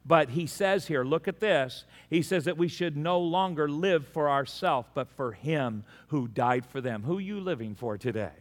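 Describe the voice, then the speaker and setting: A man preaching a sermon as pastor, telling a story in an animated way and acting out the dialogue. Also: on the high side, normal speed, hardly any pauses. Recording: long hall reverb.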